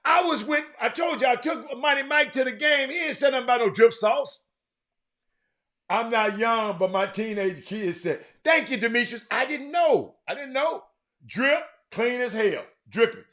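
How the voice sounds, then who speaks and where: A middle-aged man hosting a sports talk show, chatting casually and teasing viewers in the comments with loud, animated outbursts. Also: very high-pitched, moderate pace. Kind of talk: casual live-stream chat reading the comments.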